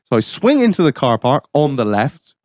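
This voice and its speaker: Podcast host, man, profane and lively, dry booth sound. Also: mid-range voice, moderate pace, no echo. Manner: profane, animated storytelling. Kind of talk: casual chat, storytelling.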